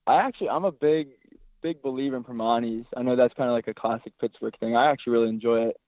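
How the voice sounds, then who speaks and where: A man's voice worn hoarse and raspy from yelling, relaxed and rambling. He is heard over a thin, phone-like line with a dry, close sound. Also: mid-range voice, quick pace, no echo. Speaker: goalkeeper guest. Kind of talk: casual interview.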